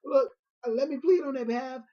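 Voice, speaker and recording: A man's voice: extremely high pitch, fairly quick, lo-fi sound, pitched above the performer's own voice. A man putting on a frantic pleading prophet. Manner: pleading, stammering repeats. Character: desperate male prophet pleading with God.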